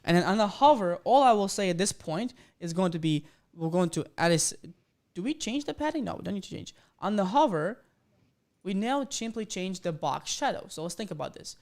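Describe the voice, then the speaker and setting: A man's voice: high-pitched, brisk. A man teaching web coding on a live stream, talking through each step and cheering on his viewers. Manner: excitable, hypes the audience. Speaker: coding instructor.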